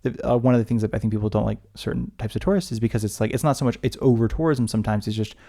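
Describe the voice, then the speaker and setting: Man, American accent, fast, gravelly, dark voice, rambling casual chat. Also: mid-range voice, fairly even intonation. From United States. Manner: rambling, lots of restarts and fillers. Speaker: podcast co-host.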